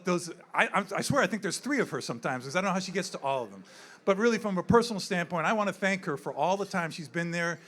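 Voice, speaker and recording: At a gala in an indoor event room, an older zoo wildlife worker delivers an unscripted speech that rambles, stays candid, and circles back on itself. His voice is high, bright, and forceful.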